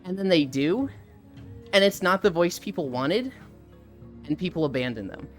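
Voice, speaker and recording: A woman's voice: on the low side, moderate pace, faint music behind. A woman hosting a live stream, chatting casually with a guest, swearing freely and greeting chat viewers as she goes. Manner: animated, swears freely, reads chat aloud. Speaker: streamer host.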